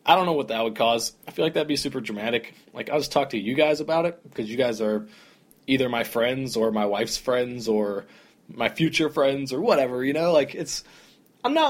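A young man hosting his own podcast talks on his own in a loose, rambling way, full of "like" and "dude." His voice sits at an ordinary middle pitch, and he chats as if to friends. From American South. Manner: rambling, lots of fillers like "like" and "dude". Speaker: podcast host. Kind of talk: solo casual podcast rant.

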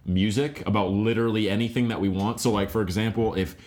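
Laid-back low-voiced young man podcaster. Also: fairly even intonation, fast talker, darkish tone. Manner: laid-back, blunt, swears casually. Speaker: podcast co-host. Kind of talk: casual chat.

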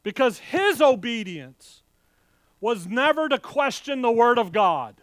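A man preaching a sermon with fiery, animated delivery, swinging between loud outbursts and hushed asides and speaking in a folksy, direct way to his congregation. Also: very high-pitched, a little slow, no echo. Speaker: pastor.

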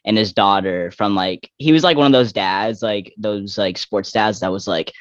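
Young male guest from Texas, lowish voice, rambling casual talk, dull dry lo-fi sound. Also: dry recording. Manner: rambling, heavy filler "like", quick restarts. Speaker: guest athlete.

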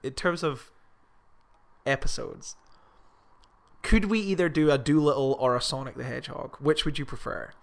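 A man co-hosting a podcast in casual, sweary, animated chat. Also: mid-range voice, moderate pace, creaky. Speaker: podcast co-host.

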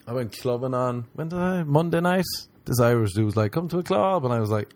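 A man hosting a podcast, telling crude stories in a casual, joking way and mimicking other people in higher voices. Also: animated, a little fast, a little mellow, no echo. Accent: non-local, remarked on by others. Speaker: podcast host. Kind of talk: casual storytelling chat.

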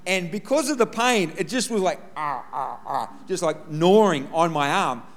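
Male preacher, slightly high voice, chatty storytelling sermon with humor. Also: normal speed. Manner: conversational, tells a personal story with humor, often says "listen". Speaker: pastor.

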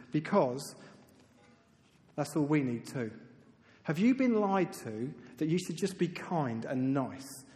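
A man preaching a sermon in a lively, conversational way, dropping to soft, emphatic tones for key points. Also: on the high side. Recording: reverberant hall.

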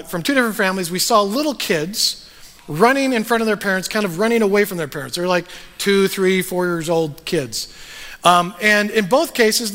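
A man's voice: high voice, bright, forceful tone, long reverb tail. A man pastor giving a sermon to his congregation, speaking in a conversational storytelling way with frequent fillers. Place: church sanctuary.

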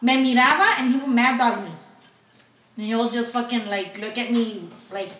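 Here a young woman's voice is on the high side and fairly bright, at a moderate pace. She shares a personal story among friends, profane and mixing English with Spanish, recorded from a distance in an echoey room with a little background noise.

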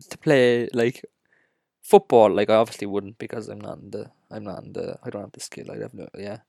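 An Irish man with a Cork accent hosting a solo podcast, ranting and joking in an excitable, casual way. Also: fairly low pitch, fairly quick, gravelly, no echo, clean studio sound. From Ireland. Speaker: podcast host.

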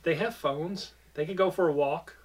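A man's voice: fairly high pitch, moderate pace, over a noisy crowd. A man co-hosting a podcast, tossing out dry, wisecracking remarks in casual chat. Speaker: podcast co-host.

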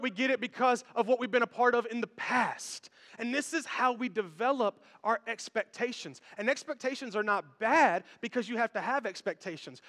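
A man preaching a sermon, animated and talking straight to the congregation in a large church. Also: very high-pitched, big-room sound. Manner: animated storytelling, direct address to the congregation. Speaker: pastor.

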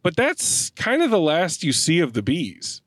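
A man co-hosting a podcast, chatting casually about a movie in an animated, laughing way and swearing freely. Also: on the high side, measured pace, no echo. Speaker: podcast co-host. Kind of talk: casual movie review chat.

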